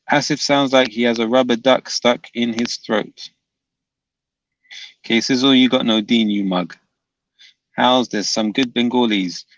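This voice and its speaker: A livestream host with a medium-pitched, slightly bright male voice reads chat comments aloud and answers them with dry, unbothered banter. The mic sounds dull, dry and lo-fi.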